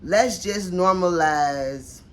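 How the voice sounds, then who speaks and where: A middle-aged woman coach talking straight to her viewers in a folksy, encouraging vlog, slowing and softening on the points that matter. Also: lowish voice. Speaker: mindset coach. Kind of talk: motivational vlog talk.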